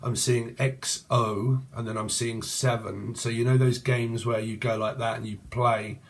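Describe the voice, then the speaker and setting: An English-accented man reads tarot off the cuff, his voice at an ordinary middle pitch. He free-associates loosely and throws in crude jokes as he goes. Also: level tone, a little slow. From Cambridgeshire, England. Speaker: tarot reader. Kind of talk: casual channeled tarot reading.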